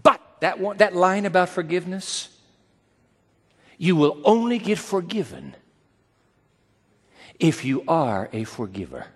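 A man preaching a sermon as pastor, dramatic, acting out quoted voices and swinging between loud and soft. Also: high voice, sing-song, a little slow, long pauses, big-room sound.

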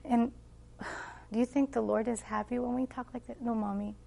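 A middle-aged woman with a fairly high voice tells stories about raising her children. She is animated and acts out the lines she and her children said. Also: normal speed, vocal fry. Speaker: homeschooling mother giving a talk. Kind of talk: casual storytelling talk.

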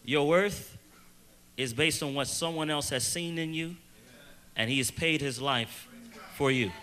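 A man speaking on a youth panel, his tone bright and forceful. He tells a personal story in an earnest, halting way, with repeated starts, then slows right down to press a point home. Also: a little high. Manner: earnest storytelling with hesitant restarts and emphatic slowed phrases.

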